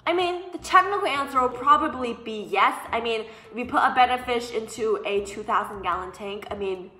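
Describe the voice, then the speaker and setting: A young woman vlogger telling casual storytime anecdotes in an animated, sassy way, mimicking the people she quotes. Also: a little high, a little fast. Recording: echoey room, faint background music.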